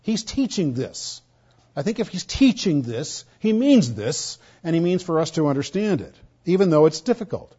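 A pastor preaching an expository sermon, stressing points loudly and then dropping to quiet asides. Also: male voice, a little high, expressive, moderate pace, husky, highs cut off. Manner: emphatic, swinging between loud stresses and quiet asides.

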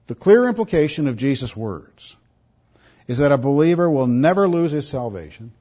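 A man's voice: a little high, darkish tone. A man preaching a sermon as a pastor, stressing points by repeating words. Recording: dull lo-fi recording.

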